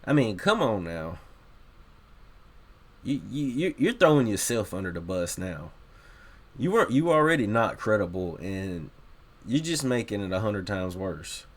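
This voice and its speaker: A man with a fairly low voice hosting a reaction video. He talks casually and bluntly, and he sounds exasperated by what he watches. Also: sing-song, unhurried, pauses often.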